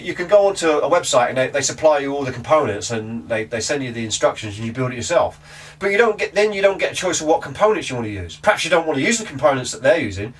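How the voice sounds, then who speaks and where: A man's voice: a little high, fairly bright tone, slightly rough. A man chatting casually to camera about guitar amps, rambling and restarting his sentences. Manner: rambling, chatty, self-interrupting. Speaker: guitar gear vlogger. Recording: distant from the mic.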